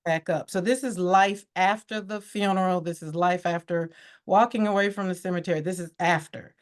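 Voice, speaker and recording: A woman's voice: lowish voice, fairly even intonation, moderate pace. A woman as a podcast guest, telling her personal story in a candid, reflective way, livening up when she quotes others.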